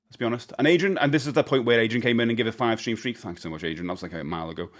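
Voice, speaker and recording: A man's voice: medium pitch, racing. A man, rambling cheerfully through a live-stream Q&A, reading out chat questions and laughing easily. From England. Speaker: livestreamer.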